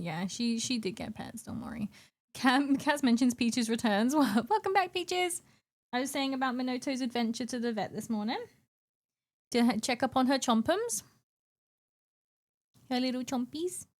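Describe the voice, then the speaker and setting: A young woman with a high voice streams from her home desk mic, chatting and giggling with viewers. She greets people by name and slips into soft baby talk for her cat. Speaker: live streamer. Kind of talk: casual chat with stream viewers.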